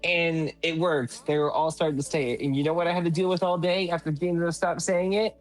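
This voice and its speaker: A man's voice: a little high, fairly even intonation, fast talker, faint music behind, rough recording. A man who teaches young children, telling classroom stories in casual chat with playful exaggeration. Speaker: school teacher.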